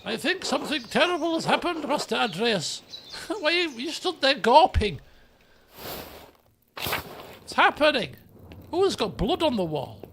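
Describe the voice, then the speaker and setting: Lively British man chatting over a game. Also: very high-pitched, a little slow, long pauses, a little hiss or hum. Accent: British English. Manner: chatty and rambling, turning dramatic when reading lines aloud. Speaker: let's play host. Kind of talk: casual gameplay commentary, reading dialogue aloud. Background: game music.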